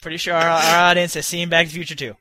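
A man's voice: a little high, little pitch movement, very fast, bright, forceful tone. A man co-hosting a casual podcast, rambling through stories and laughing often. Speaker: podcast co-host.

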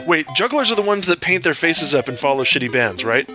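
A man's voice: fairly high pitch, sing-song, brisk, over music. A man co-hosting a crude comedy podcast, rambling and playful as he reads out jokes. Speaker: podcast co-host.

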